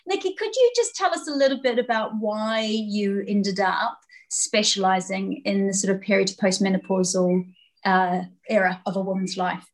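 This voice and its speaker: Woman, interview host, relaxed, easygoing, a few fillers. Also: mid-range voice, normal speed, low-quality recording. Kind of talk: conversational interview.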